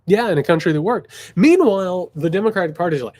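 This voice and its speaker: Male commentator, slightly higher pitch, impassioned and profane, hammers points by repeating them. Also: expressive, fast, few pauses, a little mellow. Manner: blunt, impassioned, swears freely, repeats phrases for emphasis; mocking voices when quoting others. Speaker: political commentator hosting a viewer Q&A. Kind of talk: casual livestream commentary.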